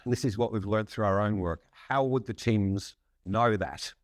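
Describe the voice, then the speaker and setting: Measured man, low dry voice. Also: no room sound. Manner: measured, frequent "um" and restarts, occasional laugh. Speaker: psychologist and consultant, podcast guest. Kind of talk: conversational expert explanation.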